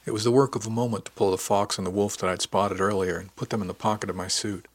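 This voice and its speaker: Male narrator, low voice, husky, dry close sound, easygoing first-person audiobook reading. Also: steady tone, quick pace, dry recording.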